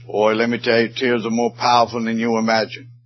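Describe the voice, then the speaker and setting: A man's voice: mid-range voice, completely flat delivery, a little fast, soft background music. A man preaching a sermon, his voice swelling and falling with emotion. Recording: muffled sermon recording.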